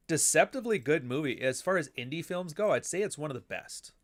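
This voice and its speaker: A man's voice: on the high side, expressive, a little fast. Rambling, profane livestream host, a man. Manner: rambling, profane, reads chat aloud. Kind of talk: casual livestream chat.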